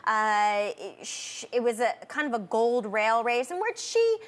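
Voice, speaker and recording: A woman's voice: a little high, sing-song, measured pace. A woman co-hosting a horse racing show, giving thoughtful, agreeable handicapping opinions in casual chat. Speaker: racing analyst co-host. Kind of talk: casual betting analysis chat.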